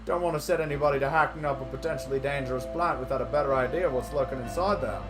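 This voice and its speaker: A man putting on a loud folksy alien villager. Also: mid-range voice, very fast, music in the background, pitched above the performer's own voice, close to an everyday voice. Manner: raised, loud homespun drawl. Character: folksy male alien villager, tree keeper.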